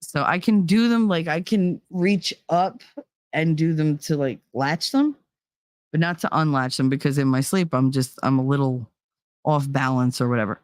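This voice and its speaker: Speaking low with a darkish tone and a moderate pace, a woman hosts her own livestream channel in clean studio sound without any room echo. Her storytelling chat is casual and meandering, full of "you know" and "like," with bursts of laughter here and there.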